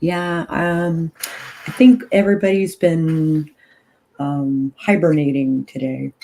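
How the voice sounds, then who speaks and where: A groggy woman leading a ritual on a casual livestream, reading prayers aloud in an unhurried way with loose asides. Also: low voice, little pitch movement, warm tone, slight background noise, low-quality recording. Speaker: ritual leader and tarot reader.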